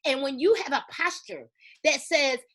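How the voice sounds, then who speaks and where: Speaking with a high-pitched, animated and somewhat bright voice at normal speed, a woman leads a network marketing team. She delivers a preachy, emphatic pep talk to her salespeople, telling stories that quote dialogue.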